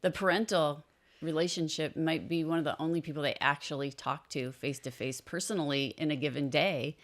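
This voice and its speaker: A woman's voice: low voice, fairly even intonation, brisk. A woman hosting a podcast interview, conversational and agreeable. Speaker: podcast host.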